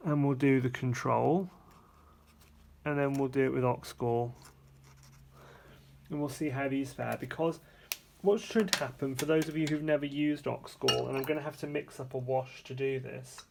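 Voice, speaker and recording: A man giving a casual, hands-on painting tutorial, chatty and relaxed, thinking aloud and correcting himself as he works at a painting table. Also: on the high side, gravelly. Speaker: art supplies reviewer demonstrating paints.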